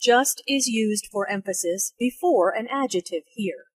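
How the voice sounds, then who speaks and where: A woman explaining English phrases and their intonation in a slow, careful teaching voice. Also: breathy edge. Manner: slow, careful, with lively pitch for spoken examples. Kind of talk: slow, clearly articulated teaching narration and dialogue.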